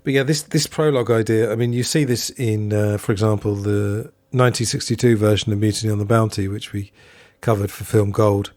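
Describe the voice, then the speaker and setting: A man's voice: lowish voice, steady tone, brisk, darkish tone, dry recording. A man hosting a solo podcast, talking in a chatty, digressive way and often correcting himself. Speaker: podcast host.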